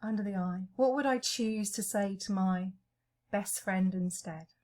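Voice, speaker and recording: A woman leading a guided EFT tapping session, calling out each tapping point in a slow, gentle way. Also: mid-range voice.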